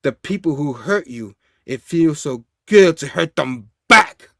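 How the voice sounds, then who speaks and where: A man voicing a male superhero turned vengeful, reading the lines slowly and with menace in a casual comic recap. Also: fairly high pitch, lively intonation, gravelly, fairly bright tone, no echo, studio quality, full character voice. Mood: menacing.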